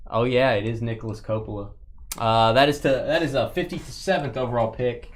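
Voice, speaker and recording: A man hosting a live sports card break stream, chatting casually and joking as he opens packs, breaking into excited shouts. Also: medium pitch, a little fast.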